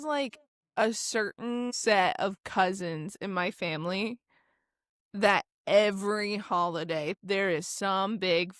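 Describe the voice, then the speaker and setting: A woman's voice: mid-range voice, fairly bright tone, no room sound, studio quality. Laid-back young woman co-host. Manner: laid-back, reacts with laughs and short exclamations. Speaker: podcast co-host. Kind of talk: casual chat.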